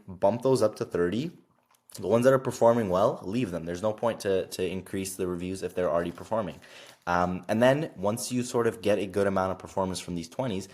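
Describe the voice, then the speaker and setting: Young male business vlogger with a deep voice. Casual, chatty and full of fillers. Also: darkish tone. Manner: fast, filler-heavy with frequent "like" and "literally". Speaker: online business creator. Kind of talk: casual screen-share explainer.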